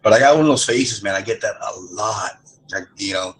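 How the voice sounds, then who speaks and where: A middle-aged man tells rambling, profane stories in a casual chat. His voice sits a little low and has a gravelly edge, with faint noise underneath. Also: moderate pace, fairly bright tone, rough recording. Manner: rambling storyteller, swears a lot. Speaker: lobby chat participant.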